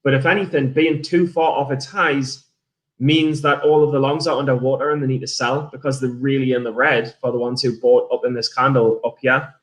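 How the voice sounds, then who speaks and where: Brisk and a bit bright, with a steady medium-pitched tone, an English-accented man from England streams live as a day trader. He chats casually about his trades, reads out messages from viewers, rambles, swears freely, and restarts sentences often.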